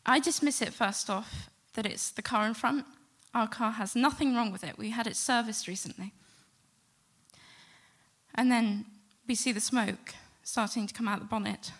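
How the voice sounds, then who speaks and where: A middle-aged woman telling a personal story to a live audience, animated and acting out the quotes. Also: fairly high pitch, normal speed. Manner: lively, animated retelling with acted-out quotes. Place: stage before a live audience.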